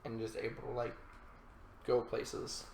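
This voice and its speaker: A man's voice: mid-range voice, monotone, a little slow, gravelly, darkish tone, reverberant, a little hiss or hum. A man co-hosting a reaction show, chatting casually and rambling with restarts. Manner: rambling, restarts mid-sentence. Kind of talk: casual chat about a TV series.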